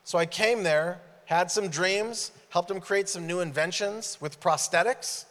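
Guest preacher, male, storyteller who acts out his dialogue, mid-high voice, big reverberant room. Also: a little slow. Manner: animated, acts out dialogue in stories. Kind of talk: sermon storytelling. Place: church sanctuary. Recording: long hall reverb.

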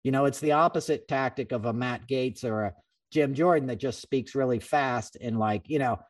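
A man's voice: mid-range voice, distant mic. Rambling, profane man podcast host. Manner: rambling, animated, profane, many restarts. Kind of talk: casual political chat.

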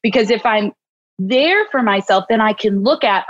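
A woman clinical psychologist, a guest in an interview, speaking gently and reassuringly. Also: medium pitch, lively intonation, normal speed, no room sound, muffled recording. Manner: gentle, reassuring, acts out soothing self-talk. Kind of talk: interview conversation.

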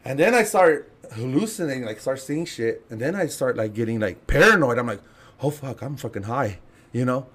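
A man's voice: medium pitch, very animated, brisk, few pauses, fairly bright tone. A man telling a story as a podcast guest in casual chat, laughing and swearing as he acts out the people in it. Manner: laughing, profane, acts out quotes.

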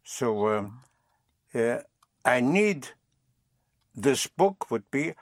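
A man's voice: medium pitch, very animated, extremely slow, pauses often, no echo, clean studio sound. A man teaching a language lesson, patiently prompting and repeating phrases.

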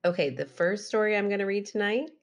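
A woman's voice: medium pitch, fast. A woman co-hosting a podcast in casual chat, laughing often and reading listener letters aloud. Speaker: podcast co-host.

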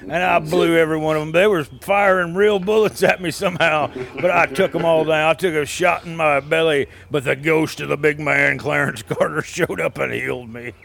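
A man's voice: fairly high pitch, steady tone, moderate pace, gravelly, few pauses, fairly bright tone. A man voicing a boastful old cowboy rock star with a put-on Southern drawl, telling rambling tall tales about hunting ghosts. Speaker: comedy guest character.

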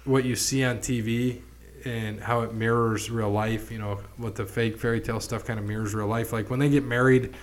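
A man's voice: medium pitch, fairly even intonation, moderate pace. A man hosting a podcast in a casual chat, rambling with lots of restarts and casual swearing. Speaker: podcast host.

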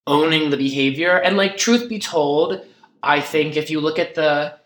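Chatty man with a bright voice. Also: a little high. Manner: chatty, quick asides with fillers. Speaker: podcast co-host. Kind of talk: casual recap chat. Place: recorded in person in a room. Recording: echoey room, dodgy audio.

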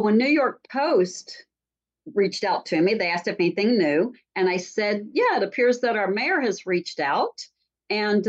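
Woman guest, chatty storyteller, lots of ums, medium pitch, muffled lo-fi audio. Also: slightly rough. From Alaska. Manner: animated storyteller with frequent ums and restarts. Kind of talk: conversational talk show storytelling. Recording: dull lo-fi sound.

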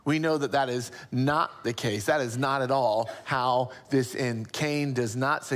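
A man preaching a sermon as pastor, impassioned, dropping soft for emphasis. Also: normal speed. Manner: impassioned, rising pitch on acted quotes, drops to soft near-whisper.

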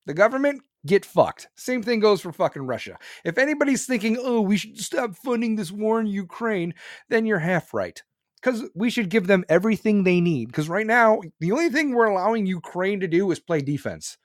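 A man's voice: high voice, big pitch swings, fairly quick, no echo, clean studio sound. A male podcast host ranting about politics in a blunt, profane, heated way. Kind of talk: opinionated political rant.

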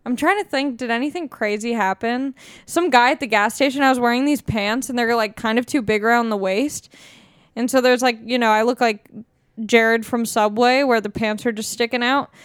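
A woman's voice: a little high, normal speed, clear, resonant tone, dry recording, studio quality. Rambling, jokey young woman podcaster. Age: 20s. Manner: rambling, self-mocking and jokey. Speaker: podcast host. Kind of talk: casual podcast chat.

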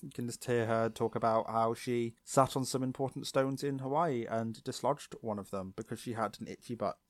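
A man at a middle pitch chats loosely on a podcast, his stories wandering through plenty of ums and likes. The sound is dry and close, with almost no room around it. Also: fairly even intonation, normal speed, no echo. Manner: rambling, lots of ums and likes. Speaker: podcast co-host. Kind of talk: casual chat.

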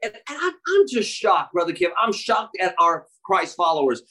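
A man's voice: high voice, sing-song, moderate pace. Exuberant man preaching with fervor. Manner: exuberant, emphatic, bursts of shouting. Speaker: guest doctor. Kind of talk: fervent preaching in an interview.

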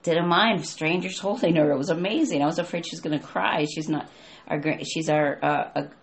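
A woman's voice: low voice, brisk, vocal fry. An older woman, a grandmother, talking casually about prayer and her grandson, with many restarts. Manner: warm, rambling, restarts sentences. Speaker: co-host. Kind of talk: casual conversation about faith.

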